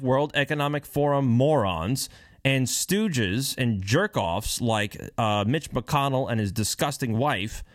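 A man's voice: on the high side, no room sound, clean studio sound. A man giving heated, sarcastic political commentary while reading and remarking on news.

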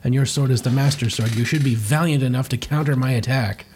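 A man's voice: medium pitch, steady tone, brisk, darkish tone, slight background noise, natural voice. A man reading the lines of a stern, proud male warrior archer in a lofty, condescending tone. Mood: haughty.

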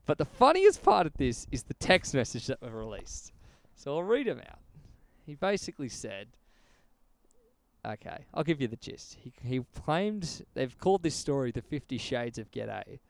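A man's voice: medium pitch, very animated, normal speed, vocal fry. A man hosting a casual podcast, telling a story with lots of swearing and laughter. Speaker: podcast host.

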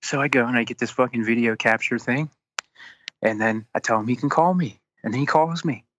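A man telling a long story in casual chat, animated and swearing constantly as he acts out both sides of an argument. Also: medium pitch, brisk, a little hiss or hum. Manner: animated, heavy swearing, quotes people in exasperated retellings.

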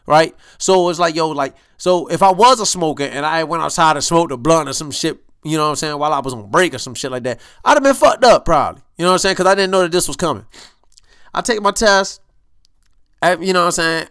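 Young man, podcast host, animated storytelling, heavy slang, resonant voice, higher pitch. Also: fast talker, smooth. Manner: animated, profane street slang, acts out quotes. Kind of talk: casual storytelling monologue.

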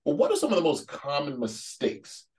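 A man's voice: fairly high pitch, wildly swooping pitch, moderate pace, a little mellow. A man hosting a casual podcast interview, loose and joking, with stumbling restarts. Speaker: podcast host.

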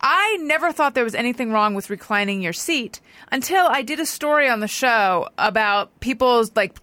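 A woman's voice: on the high side, animated, moderate pace, pushed and bright, no room sound. A woman hosting a podcast, chatting casually and reading out listener submissions. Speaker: podcast host.

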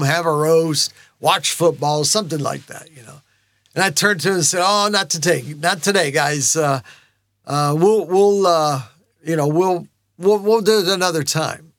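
Animated high-voiced male pastor preaching. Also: dry recording. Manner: animated storyteller, acts out his kids' chants and shouts. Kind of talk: sermon storytelling.

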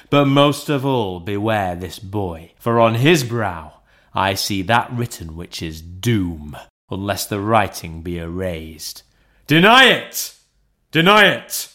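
A man reading an audiobook, voicing a solemn and sorrowful Christmas spirit who gives loud, slow, stern warnings. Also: fairly low pitch.

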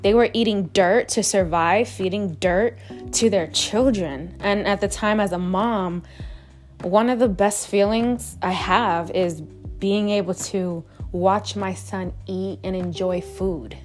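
A woman podcast host tells a personal story in a candid, chatty monologue, swearing frequently. She speaks at a slow pace in a mid-range voice, with faint music in the background.

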